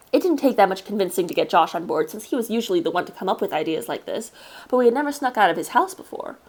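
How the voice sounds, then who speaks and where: A woman's voice: mid-range voice, lively intonation, a little mellow. Woman reading a story aloud, plain tone. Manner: measured storytelling with casual asides. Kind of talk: live read-aloud narration.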